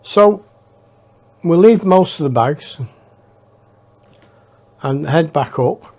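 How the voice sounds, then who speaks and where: A man's voice: on the high side, animated, extremely slow, a little mellow. A man telling his memoir in a rambling, reflective way. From northern England. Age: 60s. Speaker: storyteller. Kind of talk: memoir storytelling.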